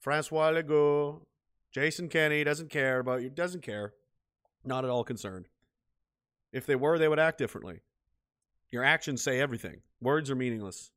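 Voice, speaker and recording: A man's voice: medium pitch, normal speed, long pauses, fairly bright tone, smooth. A man delivering a bitter, profane solo rant as a vlogger, repeating himself as he goes. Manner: profane, repetitive, bitter and heated. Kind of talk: ranting solo monologue.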